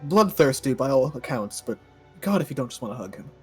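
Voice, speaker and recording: Husky laid-back male game master. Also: medium pitch, sing-song, a little fast, faint music behind. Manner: laid-back, laughing often. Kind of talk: narrating a tabletop game.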